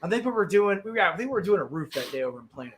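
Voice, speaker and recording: A man hosting a blunt talk stream, telling stories in a profane, animated way and stumbling over repeated words when worked up. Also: sits high, racing, a little hiss or hum. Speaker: stream host. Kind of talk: blunt casual storytelling.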